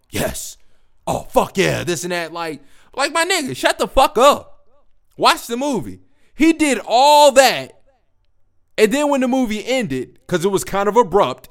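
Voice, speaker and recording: Animated young man telling stories. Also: fairly high pitch. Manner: profane, animated, slangy storytelling. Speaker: podcast host. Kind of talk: casual storytelling monologue.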